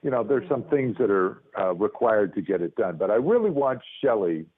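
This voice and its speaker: A man, a lawyer and comedian, telling animated stories as a guest on a phone call, acting out other people's voices. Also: on the low side, normal speed. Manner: lively, acts out voices, restarts often. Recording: tinny phone line.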